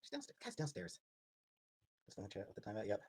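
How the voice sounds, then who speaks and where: A man's voice: fairly low pitch, wildly swooping pitch, fast talker, a little hiss or hum. A man livestreaming, irritated and swearing as he snaps at his chat. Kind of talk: livestream rant.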